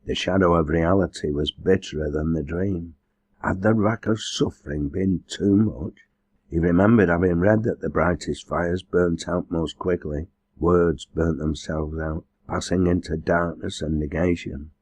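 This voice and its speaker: A man reading a novel aloud as an audiobook narrator, in a measured, earnest way. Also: low voice, steady tone, darkish tone, no echo. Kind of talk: scripted narration.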